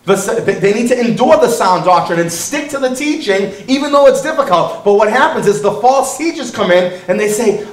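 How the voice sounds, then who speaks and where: A male pastor preaching a sermon, animated and quick to act out the voices of other people. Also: high voice, roomy sound, recorded from a distance, low-quality recording.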